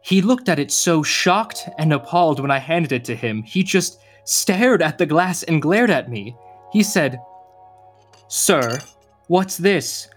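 A young man playing a weary, gentle uncle. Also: on the high side, expressive, slow, soft background music. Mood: storytelling. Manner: tired, gentle, flares up then apologizes. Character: uncle Gio, weary, tender, short-tempered. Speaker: actor in student radio drama. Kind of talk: radio drama acting.

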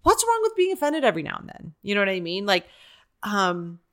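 A woman's voice: mid-range voice, wildly swooping pitch, brisk, a bit bright. Podcast guest: woman, improviser, candid and rambling, acts out quoted voices, casual conversational delivery. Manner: chatty, digressive, many fillers like "like" and "you know"; acts out quoted voices while telling stories.

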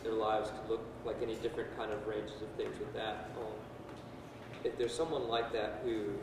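A man's voice: fairly low pitch, little pitch movement, moderate pace, creaky. A man in the audience asking a hesitant question, full of fillers. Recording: very echoey hall, from far off, noise.

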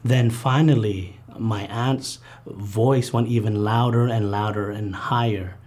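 A man recounting a painful childhood memory in an interview, earnest and halting, with many fillers and restarts. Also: fairly low pitch, steady tone, a little mellow. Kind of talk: personal testimony interview.

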